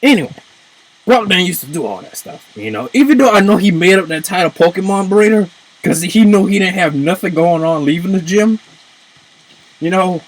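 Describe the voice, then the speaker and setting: A man ranting in casual commentary, swearing and breaking into shouts. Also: high-pitched, normal speed, rough recording. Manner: animated, swears, jumps into shouts. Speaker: video commentator.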